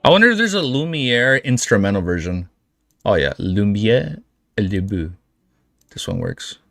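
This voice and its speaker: A man hosting a casual livestream, chatting in an excitable, rambling way and swearing freely. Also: lowish voice, normal speed, gravelly, no room sound, clean studio sound. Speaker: livestream host. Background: faint background music.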